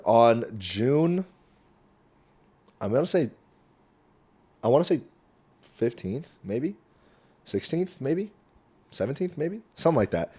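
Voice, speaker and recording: Rambling young man, swearing and loud. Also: very animated, unhurried, pauses often, slightly rough. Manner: rambling, swearing, swings from low mutters to loud outbursts. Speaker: vlogger. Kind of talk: casual rambling monologue. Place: small home room.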